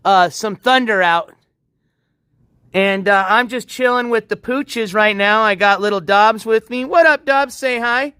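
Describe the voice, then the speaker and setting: A man with a high voice chats loosely to his livestream viewers from beside a backyard pool at night. He rambles in an easygoing way and chuckles often. The sound is dry and close, picked up on a handheld phone. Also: unhurried, sharp tone, smooth, no echo. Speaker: livestream host. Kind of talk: casual livestream chat.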